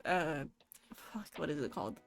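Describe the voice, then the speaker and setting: A woman's voice: deep voice, animated, gravelly, faint music behind. A young woman streamer chatting casually and reading viewer messages aloud, swearing freely in a loose, joking way. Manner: casual, profane, quick to laugh.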